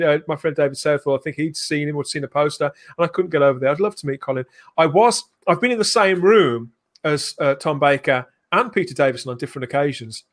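A man co-hosting a podcast, chatting casually and keenly. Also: fairly high pitch. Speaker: podcast co-host. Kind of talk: casual chat.

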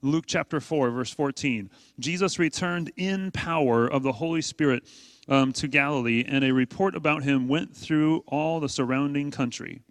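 A man's voice: on the high side, normal speed, no echo. A man preaching a sermon to his congregation in a conversational way, asking rhetorical questions and leaning hard on key points. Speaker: pastor.

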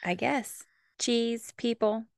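A woman's voice: fairly high pitch, takes it slowly, vocal fry, dry recording. Giggly woman with dry close sound. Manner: upbeat, giggly. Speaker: co-host asking questions. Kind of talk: casual chat.

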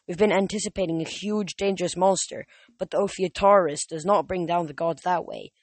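A reader voicing a solemn young huntress who speaks in formal, old-fashioned phrasing. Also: female voice, on the low side, fairly even intonation, brisk, no room sound.

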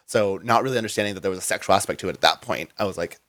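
Male guest, lower voice, loose rambling storyteller, dry recording. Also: rapid-fire, a bit bright, dry recording. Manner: rambling, full of "like" and restarts. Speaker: interview guest. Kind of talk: casual storytelling in an interview.

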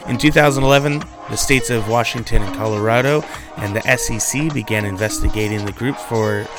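A man presenting a local news bulletin in a steady newsreading manner, now and then breaking off for a joking aside. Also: medium pitch.

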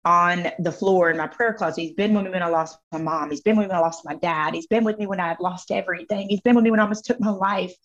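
A woman speaking as a guest on a faith podcast, telling personal stories in an expressive, emphatic way. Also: on the low side, fast talker, hardly any pauses. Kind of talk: faith-based podcast conversation. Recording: slightly dull lo-fi audio.

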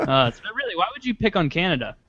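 A man's voice: sits high, sing-song, quick pace, sharp tone, highs cut off. A young man co-hosting a casual chat, rambling and sarcastic with plenty of swearing.

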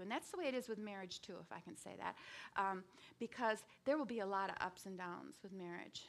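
A woman in her sixties giving a conversational sermon with frequent restarts and lively bursts. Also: medium pitch, normal speed, gravelly. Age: 60s or older. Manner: conversational, with many restarts and sudden bursts of animation. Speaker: speaker giving a devotional talk.

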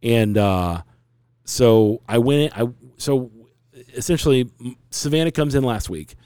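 A man's voice: mid-range voice, lively intonation, unhurried, mellow, clear, resonant tone, dry recording. A man in his forties, hosting a podcast and earnestly telling a long, rambling personal story in casual conversation.

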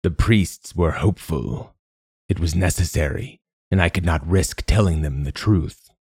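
A man voicing an ancient, secretive machine god in a storybook reading, with a rasping, slow and measured delivery. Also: deep voice, darkish tone, no room sound, clean studio sound. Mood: solemn. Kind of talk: audiobook narration.

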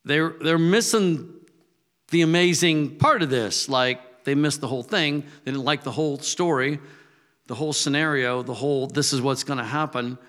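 A man's voice: fairly high pitch, normal speed, fairly bright tone, long reverb tail. Older man teaching scripture casually. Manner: conversational, restarts and asides, acts out quotes. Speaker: Bible teacher.

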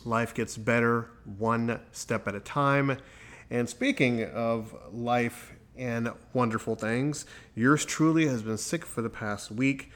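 A man's voice: mid-range voice, a bit bright. A man hosting his own podcast, talking in an upbeat, chatty monologue and reeling off plugs. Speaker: podcast host.

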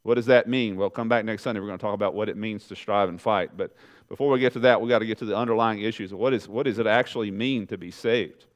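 Preacher guy giving a sermon, chatty with the congregation, goes loud then drops real low and quiet. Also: quick pace. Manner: animated preaching, rising loud on questions and dropping low and soft for emphasis; conversational, talks straight to the congregation. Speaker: pastor.

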